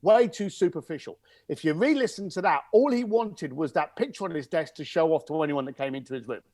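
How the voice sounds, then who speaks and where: A middle-aged man, a podcast guest, telling a story with lively acted-out dialogue. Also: a little high, a little fast. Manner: animated storyteller who acts out dialogue.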